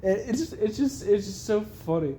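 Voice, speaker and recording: A man's voice: high-pitched, lively intonation, normal speed, warm tone, a little hiss or hum. A young man casually rambling through a recap of a TV episode, swearing often and laughing at the funny parts. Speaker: vlogger recapping a show.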